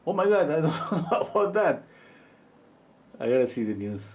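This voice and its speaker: A man in his fifties, a portrait painter chatting casually on a livestream and telling rambling, animated stories. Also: a little high, normal speed. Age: 50s. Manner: rambling, animated storytelling full of "you know".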